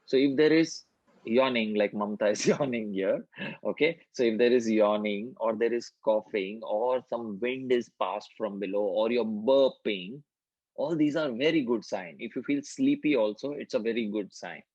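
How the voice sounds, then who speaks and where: Man calmly guiding a group session. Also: medium pitch, dry recording, dull audio. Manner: calm instructive, repeats affirmations in a slow chant. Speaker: workshop facilitator. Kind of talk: guided group healing session.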